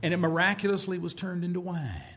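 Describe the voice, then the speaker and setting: A man with a high, bright and forceful voice preaching a sermon. He tells stories and acts out the people he quotes, and his delivery climbs and drops as he builds his points. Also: fast. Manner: storytelling preacher who acts out quoted speech. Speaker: pastor.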